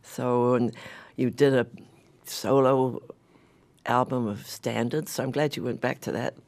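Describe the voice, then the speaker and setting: A man's voice: mid-range voice, steady tone, a little slow. A man with a mid-range voice hosts a casual interview. He asks his questions in a friendly, chatty way. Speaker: interviewer, host.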